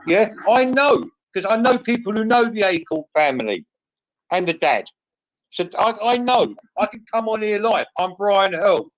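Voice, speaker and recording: A man's voice: sits high, lively intonation, normal speed, no room sound, lo-fi sound. A man hosting a live online call, arguing combatively, interrupting and repeating himself. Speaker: live stream host. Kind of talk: heated live stream argument.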